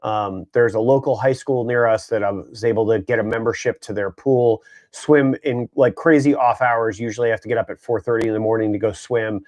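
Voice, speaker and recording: A man's voice: on the low side, steady tone, a little fast, a little mellow. A man co-hosting a casual group chat, talking in an easygoing, rambling way with many fillers. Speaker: co-host.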